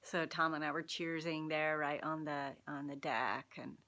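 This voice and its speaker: A woman with a bright, clear voice talks straight to her viewers. She tells a story in a casual, lively way and laughs often. Her tone is friendly and open, like a personal vlog. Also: sits low, a little slow. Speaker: vlogger sharing personal insights. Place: Seattle.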